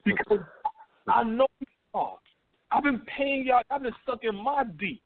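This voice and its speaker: High-voiced, animated man on phone-line radio. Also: a little slow. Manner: animated, profane, swings between mocking voices. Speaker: radio show host. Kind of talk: casual call-in radio talk.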